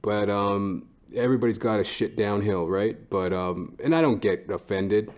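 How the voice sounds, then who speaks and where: This podcast host's voice is slightly lower than most men's and a little mellow, moving at a normal speed. He rambles through a casual, unscripted monologue, swearing often and leaning heavily on fillers like "like" and "um."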